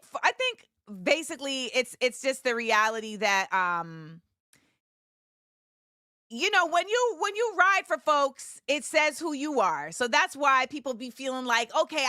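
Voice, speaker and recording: Animated woman hosting a live chat. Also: high voice, normal speed, no echo, clean studio sound. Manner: animated, shouts out viewers, bursts of excitement and laughter. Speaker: livestream show host. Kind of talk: casual live chat with viewers.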